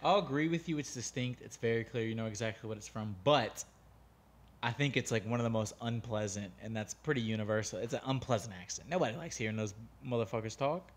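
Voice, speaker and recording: A man's voice: medium pitch, fast talker. An American man co-hosting a podcast, blunt and opinionated, swearing freely in casual chat. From United States. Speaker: podcast co-host.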